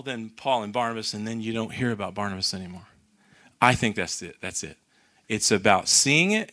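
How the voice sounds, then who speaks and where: A middle-aged man preaching, telling a story and acting out the voices of the people in it. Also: mid-range voice. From North Carolina. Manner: animated storyteller, acts out quoted voices. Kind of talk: sermon storytelling.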